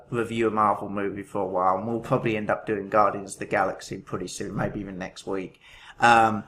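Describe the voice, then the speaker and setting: Male podcast co-host, mid-pitched, casual and rambling, faint noise under the voice. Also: a bit bright. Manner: rambling, self-correcting, laughs while telling. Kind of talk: casual chat.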